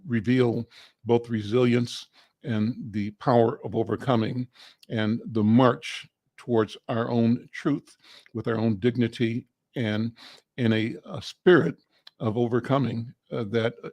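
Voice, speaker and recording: Slow, halting male interview host. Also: mid-range voice, fairly even intonation, a little mellow, no echo. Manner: slow, halting with many fillers. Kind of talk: community interview.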